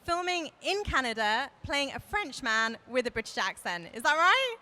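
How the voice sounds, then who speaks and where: A woman interviewing an actor at a live event, upbeat and quick to laugh. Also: high-pitched, sing-song, pushed and bright. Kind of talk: casual chat at a live event.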